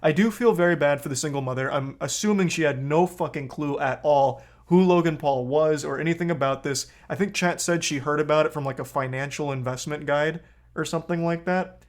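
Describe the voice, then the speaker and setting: A man streaming live, reacting to a video with blunt, heated commentary and a lot of swearing. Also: fairly high pitch.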